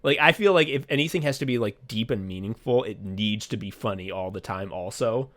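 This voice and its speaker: A man co-hosting a podcast, chatting casually in an excitable, profane way and slipping into quick voices as he retells stories. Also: lowish voice. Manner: excitable, profane, animated storytelling with quick voice switches. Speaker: podcast co-host. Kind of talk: casual comedic chat.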